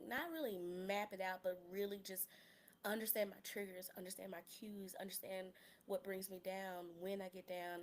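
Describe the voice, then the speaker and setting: A woman's voice: medium pitch, slight background noise. Candid woman podcaster, chatty and slangy. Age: 30s. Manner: candid, chatty, slangy, jumps between soft murmurs and loud excited bursts. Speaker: podcast host. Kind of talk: casual solo podcast monologue.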